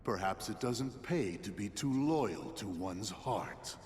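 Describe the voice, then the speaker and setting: A menacing villain leader with a raspy, low voice. He speaks very slowly, cold and measured, and the game audio carries a long reverb with faint noise underneath. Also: expressive, darkish tone. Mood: coldly mocking. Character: calm menacing villain leader, adult man.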